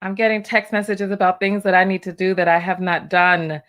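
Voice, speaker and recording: A woman's voice: mid-range voice, little pitch movement, fairly quick, fairly bright tone. A woman hosting a live call-in show, chatting casually and upbeat with callers. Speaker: radio call-in host.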